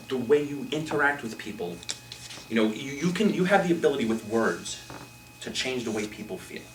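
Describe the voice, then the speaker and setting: A quick, animated man teaching a group in a meeting room, acting out how people react. He sounds far from the mic, with the room's echo around him and a faint hiss underneath. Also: mid-range voice. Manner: animated, acts out quoted reactions. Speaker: speaker leading a Toastmasters workshop. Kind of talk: live motivational talk. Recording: roomy, from a distance, faint noise.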